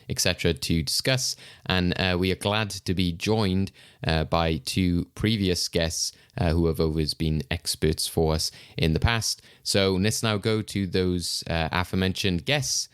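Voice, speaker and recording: Deep smooth guy hosting a podcast, chuckles a lot, dry close sound. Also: steady tone, measured pace, no echo. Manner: chuckles often, loose and chatty. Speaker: podcast host. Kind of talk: casual podcast chat.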